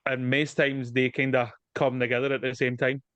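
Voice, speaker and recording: A man's voice: mid-range voice, little pitch movement, normal speed, fairly bright tone, dry recording. A man in casual, sweary film chat, rambling and dropping mate and aye, talking over a video call. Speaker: podcast co-host.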